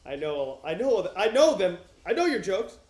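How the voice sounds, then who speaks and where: A young man streaming from his couch, joking loudly and swearing as he chats with viewers and reads aloud. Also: high-pitched, big pitch swings, moderate pace, roomy sound. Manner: loud, profane, joking. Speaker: streamer reading to chat. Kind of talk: casual livestream chat and reading aloud. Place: home, on a couch. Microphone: wearing headphones.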